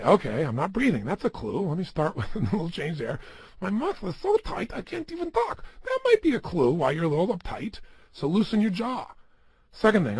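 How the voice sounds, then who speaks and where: A man's voice: a little high, breathy edge, no echo. A man giving a motivational seminar talk, speaking emphatically and asking the listener many rhetorical questions.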